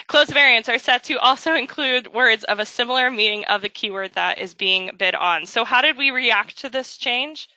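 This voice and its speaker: Bright, playful woman presenting a webinar. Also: on the high side, dry recording. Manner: jokey, chatty, slips into quick voices for asides. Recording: dull, dry lo-fi audio.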